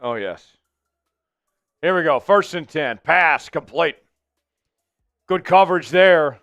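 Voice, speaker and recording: A man hosting a live fan stream of a football game, chatting with viewers and calling plays with excited hype. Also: fairly high pitch, takes it slowly, no room sound, highs cut off, faint music behind. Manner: excitable, hypes up chat viewers. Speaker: fan livestream host. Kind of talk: live game watch-along chat.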